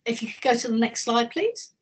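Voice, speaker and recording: A woman's voice: a little high, sing-song, slight background noise. A middle-aged woman giving a conversational communication training talk, telling anecdotes. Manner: conversational, anecdotal, speeds up and slows down. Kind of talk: training talk on a video call. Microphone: video call.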